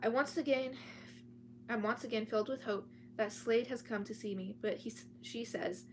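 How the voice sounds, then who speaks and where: A woman reads a serial thriller aloud in a casual storytime way. Her voice sits a little high and she trips over words and restarts often. She talks from home with her cats around. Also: moderate pace, slight background noise. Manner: reads with frequent restarts and chatty asides.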